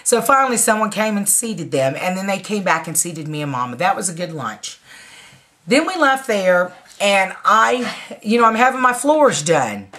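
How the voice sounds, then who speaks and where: A woman's voice: mid-range voice, big pitch swings, normal speed, pushed and bright. A woman in her forties telling a story in a casual, blunt way, swearing freely and laughing along. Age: 40s. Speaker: vlogger.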